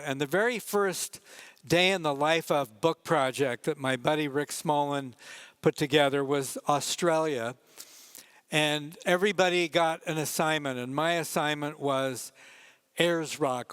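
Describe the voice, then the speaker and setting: Telling relaxed, wry stories about his photos, an older photojournalist speaks at a conference and chats with the audience in asides. His pitch runs on the high side, his delivery is smooth and a little slow, and there's no echo.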